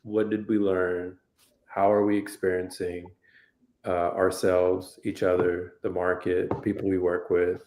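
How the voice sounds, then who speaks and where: A man's voice: low voice, flat delivery, unhurried, darkish tone. A man hosting a casual livestream chat, easygoing and rambling, with a lot of fillers. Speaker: host. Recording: echoey room.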